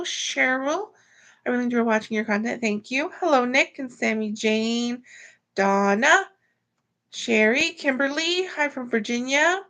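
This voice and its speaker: Tired lady on a home livestream, kinda high and gravelly, says hi to everyone by name. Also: fairly bright tone. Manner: slow, gravelly, greets viewers by name. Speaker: livestream host. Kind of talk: casual livestream chat.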